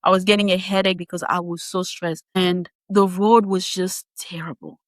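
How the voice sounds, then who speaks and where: Woman guest telling a story, lively and chatty, dry close sound. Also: fairly low pitch, no echo. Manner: animated, laughing, quick asides. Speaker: podcast guest. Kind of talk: casual storytelling.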